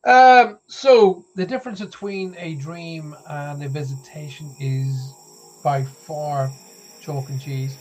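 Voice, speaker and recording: A man's voice: fairly high pitch, slow, faint music behind, poor audio. A British man hosting a live late-night radio talk show, chatting in a rambling, self-deprecating way with lots of fillers. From United Kingdom.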